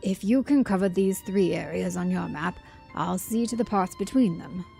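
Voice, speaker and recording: A woman reading fantasy game dialogue aloud for the characters, using a put-on high English accent and a measured, formal delivery. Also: creaky, warm tone, faint music behind. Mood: earnest.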